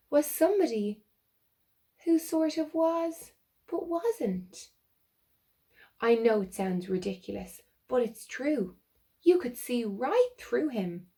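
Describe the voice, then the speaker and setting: A woman reading a picture book aloud to children, slow and expressive, dropping to soft whispered asides. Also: fairly high pitch. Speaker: children's story reader.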